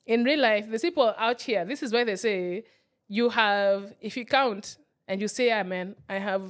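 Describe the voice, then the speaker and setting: A woman's voice: fairly high pitch, normal speed. A woman co-hosting a podcast in casual chat, thinking aloud with loose restarts and quoting imagined people. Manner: reflective, talks in loose restarts, acts out quoted people. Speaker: podcast co-host.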